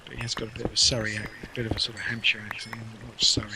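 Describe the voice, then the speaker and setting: A man's voice: lowish voice, little pitch movement, very fast, noisy background. A man with a southern English accent chatting casually with gaming friends, rambling through anecdotes. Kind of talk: casual chat.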